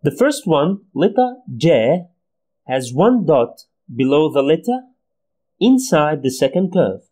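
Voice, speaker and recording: Man, slow and patient teacher, mellow voice, lively pitch. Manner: patient, repeats sounds slowly for learners. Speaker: Arabic language teacher. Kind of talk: slow, deliberate pronunciation lesson.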